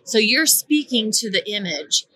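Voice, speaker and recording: A woman's voice: on the high side, lively intonation, a little slow, sharp tone, slightly rough. A woman hosting a podcast interview, engaged and affirming as she sums up her guest's points. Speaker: podcast host.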